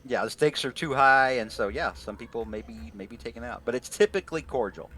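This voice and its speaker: A man's voice: medium pitch, brisk, fairly bright tone, slightly rough. A man running a tabletop game over an online call, talking in a loose, rambling way with casual swearing. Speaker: game master.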